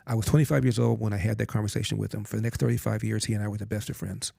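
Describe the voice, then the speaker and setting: A man in his sixties speaks as a guest with a low, gravelly voice and a quick pace. He tells a personal story earnestly and with emphasis. The sound is dry and close. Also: fairly even intonation, mellow, no room sound. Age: 60s. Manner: earnest, emphatic storyteller who acts out quotes.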